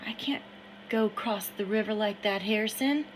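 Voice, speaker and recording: A woman voicing a frightened young runaway boy who pleads in a hushed voice. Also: medium pitch, sing-song, a little slow, a little hiss or hum, low-quality recording. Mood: scared pleading.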